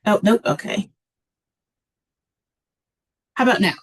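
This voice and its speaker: A woman presenting a library webinar in a relaxed, casual way, with many filler ums. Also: medium pitch, slow, husky.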